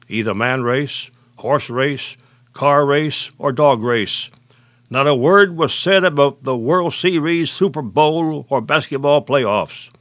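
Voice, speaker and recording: A man preaching a sermon, measured and deliberate, slowing and dropping low on key phrases. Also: a bit bright, no echo.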